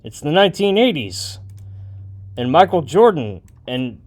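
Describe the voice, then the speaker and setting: Guy rambling while he builds a beat, kinda high voice, jokey and offhand. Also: sing-song, a little slow. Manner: rambling, joking, thinking aloud. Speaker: music producer. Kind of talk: casual talk while making a beat.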